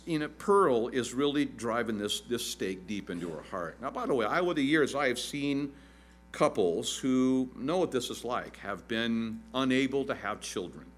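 A man in his fifties preaching a sermon as pastor, animated and joking, acting out quotes in a shrill voice. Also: unhurried.

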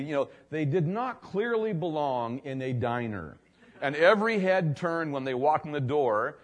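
A male pastor telling a story in a sermon, chatty and conversational with lots of fillers. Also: a little high. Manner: conversational, filler-heavy, tells anecdotes.

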